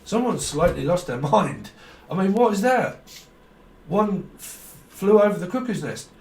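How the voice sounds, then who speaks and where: A man with a high, lively, unhurried voice rambles through a free-associating tarot reading, swearing and laughing along the way. It's a stream-of-consciousness intuitive reading, recorded in an echoey room with the mic placed far away.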